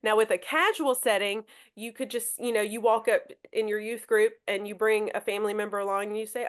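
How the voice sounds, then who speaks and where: A young woman teacher hosting a manners podcast, talking casually and brightly with lots of fillers and restarts. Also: mid-range voice, fairly even intonation, fairly quick, few pauses, clear, resonant tone. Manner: chatty and upbeat, many fillers and restarts. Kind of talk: casual classroom talk.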